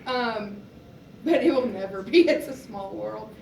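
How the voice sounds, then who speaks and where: A woman's voice: fairly high pitch, a little slow, gravelly, darkish tone. Woman panelist in an echoey room. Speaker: convention panelist. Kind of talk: casual panel chat. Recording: echoey room, distant mic, crowd noise.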